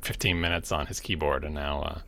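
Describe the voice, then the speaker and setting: A man's voice: extremely low pitch, flat delivery, fairly quick, gravelly, pushed and bright. A man co-hosting a casual podcast, wry and teasing as he talks, often laughing. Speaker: podcast co-host.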